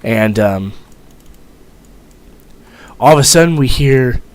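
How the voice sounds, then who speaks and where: A man's voice: medium pitch, animated, slow. A young man, a former Marine, telling a story in a rambling, profane way, full of fillers. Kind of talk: casual storytelling vlog.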